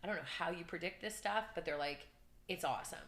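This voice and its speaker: Energetic female real estate coach on a podcast; crisp bright voice, roomy recording. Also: on the low side, quick pace. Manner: energetic, chatty, animated storytelling. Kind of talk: casual podcast chat. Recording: roomy echo.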